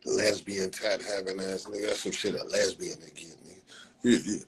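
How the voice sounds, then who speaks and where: A low-voiced man hosts a livestream at a moderate pace with fairly even intonation, roasting people in a profane, mocking rant and repeatedly using "blood" as a filler. It's a casual roast captured on a phone livestream mic, and the recording is rough with a little hiss or hum.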